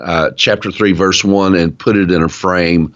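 A man with an East Tennessee accent co-hosting a casual Bible study, talking in an earnest, drawn-out preaching cadence. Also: low voice, steady tone, a bit bright. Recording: dull lo-fi sound.

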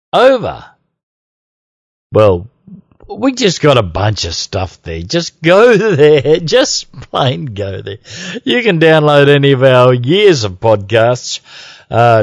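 A man with an Australian accent co-hosting a podcast in relaxed, jokey banter, often laughing as he talks. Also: mid-range voice, dry recording. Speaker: podcast co-host. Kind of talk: casual chat.

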